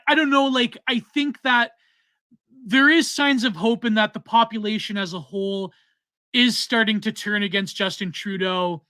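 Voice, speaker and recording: A man's voice: high-pitched, sharp tone, no room sound. A man from Canada hosting a podcast, reading donations and chatting in a rambling, trailing way. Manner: rambling, filler-heavy, trailing off. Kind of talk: casual chat.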